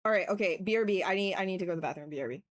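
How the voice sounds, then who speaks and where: A woman chatting casually on a live stream, excitable and swearing freely, bursting into yells and then apologizing. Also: fairly low pitch, very fast. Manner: swears freely, playful trash talk. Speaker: livestreamer sculpting on stream.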